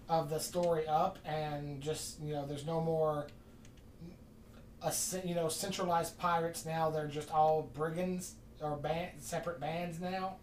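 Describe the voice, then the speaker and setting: A casual podcast storyteller who rambles and acts out every quoted exchange. The voice sits at a middle pitch and sounds roomy, picked up from a distance by the mic with faint ambience behind it. The delivery is loose and conversational. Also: a little hiss or hum. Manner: rambling, animated retelling with quoted dialogue. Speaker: podcast host. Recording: distant mic in an echoey room.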